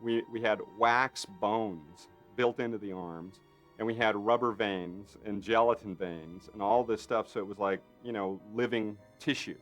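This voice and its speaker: Animated low-voiced man telling stories. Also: unhurried, faint music behind. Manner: lively storyteller who acts out quotes; frequent fillers and tag questions. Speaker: special effects artist. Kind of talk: anecdotal interview.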